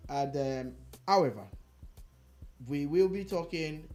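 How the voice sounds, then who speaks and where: A man's voice: fairly high pitch, measured pace, mellow, soft background music. A man co-hosting a casual radio show, teasing his partner with dry, mock-offended remarks. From Nigeria.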